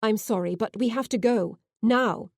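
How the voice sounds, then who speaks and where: A woman's voice: a little high, normal speed, no room sound, studio quality. A woman voicing an urgent young man. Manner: urgent, pleading.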